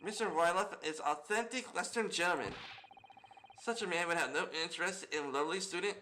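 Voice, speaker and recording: Man putting on a gruff, blunt sailor. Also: sits high, a little fast, pushed and bright, a little hiss or hum, rough recording. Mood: dismissive. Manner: broken English, blunt and dismissive. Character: gruff arrogant male ship's sailor.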